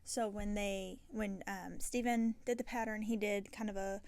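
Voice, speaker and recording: A tired woman hosting a knitting podcast, chatting casually and rambling, with soft half-whispered asides. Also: medium pitch, steady tone, measured pace, smooth, no echo. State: tired and yawning. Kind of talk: casual chat. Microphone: self-filmed camera.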